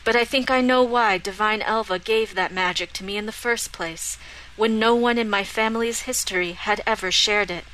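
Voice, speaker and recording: A woman voicing a calm, resolute young prince who speaks in a firm, measured, earnest way. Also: medium pitch, slight background noise, close to an everyday voice, rough recording.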